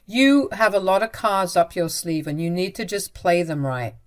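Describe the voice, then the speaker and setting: A protective older father-in-law, steady and reassuring, as a woman reading a story puts him on. The voice sits somewhat low, in a calm, measured storybook delivery. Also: lightly acted.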